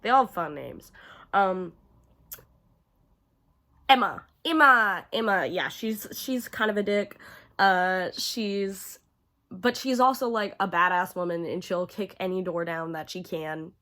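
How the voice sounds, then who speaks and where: A woman's voice: lowish voice, measured pace, a bit bright. A young woman giving casual, profane ranking commentary to camera, chatty and full of fillers, gushing about favorites. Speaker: horror video creator.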